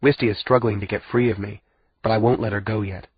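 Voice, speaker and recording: A man's voice: lowish voice, steady tone, fast, slightly rough, highs cut off. A man narrating a first-person audiobook in a tense, dramatic way.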